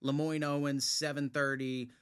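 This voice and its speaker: A man's voice: medium pitch, little pitch movement, moderate pace, smooth. A man hosting a sports show, asking a coach questions in a friendly, conversational way. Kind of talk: casual sports interview.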